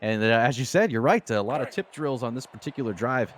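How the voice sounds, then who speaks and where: A man's voice: mid-range voice, lively intonation, a little fast. A man with an ordinary mid-range voice adds color commentary to a football broadcast. He talks in a folksy, exclaiming way, with faint hiss in the background. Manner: folksy, leans on exclamations like "boy, oh boy". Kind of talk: live esports football commentary.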